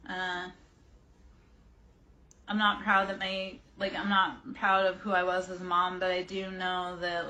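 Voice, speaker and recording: Bright-voiced chatty woman in her forties. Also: on the low side, slight background noise. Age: 40s. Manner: chatty, rambling, goes off on tangents while answering chat. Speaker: tarot reader and livestream host. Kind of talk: casual livestream chat with tarot reading.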